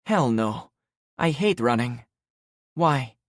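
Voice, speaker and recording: A man's voice: medium pitch, expressive, takes it slowly, no echo, studio quality, pitched above the performer's own voice. A man voicing a wry, playful young woman survivor in an audiobook, bantering as she speaks.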